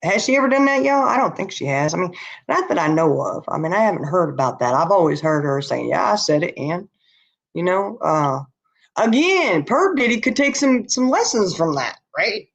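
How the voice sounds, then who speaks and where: A tired woman hosts a casual livestream, speaking bluntly and answering her chat as she goes. Her lowish voice is very animated at a normal speed, picked up by a laptop or webcam microphone.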